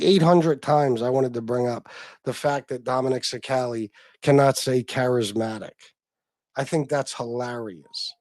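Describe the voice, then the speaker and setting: A man's voice: mid-range voice, a little mellow, no room sound. A man, chatting casually on a livestream as host, swearing freely and answering viewers.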